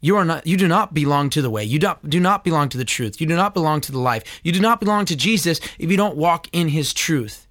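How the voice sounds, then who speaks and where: Male commentary host, earnest and preachy, with a higher-pitched voice and dry, close audio. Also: lively intonation, fast talker, few pauses, a bit bright, dry recording. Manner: earnest, preachy, stammering restarts. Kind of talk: critical commentary on church teaching.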